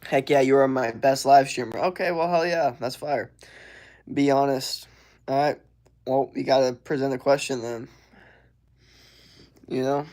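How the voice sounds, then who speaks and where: A young man hosts a casual livestream Q&A. His voice sits at an ordinary middle pitch, and his talk is loose and slangy, rambling along with plenty of fillers. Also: fairly even intonation, measured pace, long pauses, a little mellow. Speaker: live streamer answering viewer questions.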